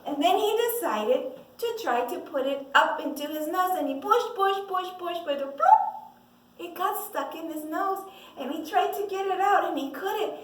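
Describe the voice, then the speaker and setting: High-pitched woman telling a kids' story, super expressive, echoey room, mic far away. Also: moderate pace. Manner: lively, expressive, asks the listeners questions. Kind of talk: animated children's story telling.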